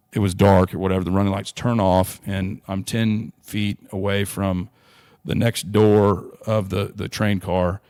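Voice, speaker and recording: A young man speaks as a podcast guest, recounting a personal story with earnest feeling and frequent restarts. His voice sits low and stays fairly level in pitch, recorded dry with no room sound. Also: a little mellow, no echo. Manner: earnest, heartfelt, rambling with many restarts.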